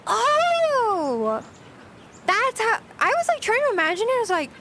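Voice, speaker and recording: A woman's voice: very high-pitched, very animated, a little slow, sharp tone, a little hiss or hum. A woman streamer chatting casually with her live chat, giggly and talkative, answering questions as she goes.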